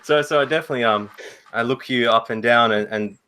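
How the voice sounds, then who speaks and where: A man's voice: medium pitch, fast talker, background noise. A man playing a tabletop role-playing game, narrating his character in the first person and stammering through repeated words. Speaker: player. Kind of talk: tabletop role-play chat.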